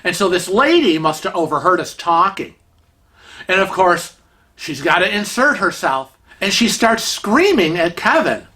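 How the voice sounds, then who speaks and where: A man's voice: high-pitched, sing-song, measured pace, bright, forceful tone. A man vlogger telling a story in a chatty, exasperated way, acting out the quotes. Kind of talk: casual storytelling.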